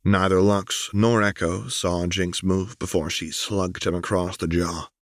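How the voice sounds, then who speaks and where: A man with a very deep, low voice reads a story aloud in a steady, even manner. The recording is dry and close, with no room sound. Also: unhurried, dry recording. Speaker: audiobook narrator. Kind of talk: scripted narration of a story.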